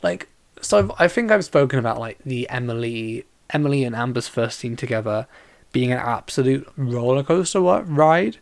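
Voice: mid-range voice, lively intonation, moderate pace, vocal fry, no echo. A podcast host chatting casually alone about a film, rambling with constant fillers and restarts, and tired and yawning.

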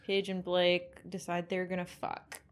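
A woman's voice: on the low side, monotone, measured pace. A woman co-hosting a casual film recap, chatty and sardonic, swearing freely. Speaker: podcast co-host.

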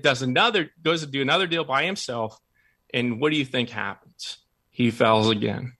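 A man's voice: mid-range voice, pushed and bright. A man hosting a motivational show, telling stories and repeating points emphatically. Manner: emphatic storytelling with repetition. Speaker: podcast host. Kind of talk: motivational talk.

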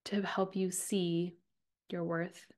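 A woman in her thirties hosting a podcast, talking earnestly and from the heart about relationships, often with a soft laugh. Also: lowish voice, level tone, slow. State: getting emotional. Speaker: podcast host and relationship coach. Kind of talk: personal podcast monologue.

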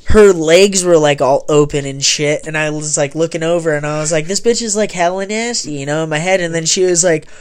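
Young man, high voice, casual chat, swearing, storytelling. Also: steady tone, fairly quick, hardly any pauses, clear, resonant tone.

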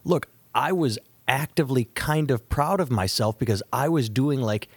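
A man's voice: mid-range voice, moderate pace, slightly rough, no room sound. A man in his thirties, a comedian hosting a podcast, telling a story casually and acting out both sides of each conversation. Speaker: podcast host and stand-up comedian.

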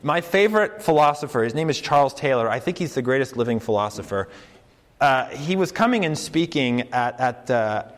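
A man preaching a sermon in a conversational, earnest way, slowing down to stress key points. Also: mid-range voice, expressive. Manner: conversational, earnest, slows down for emphasis. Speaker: campus preacher. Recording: long hall reverb.

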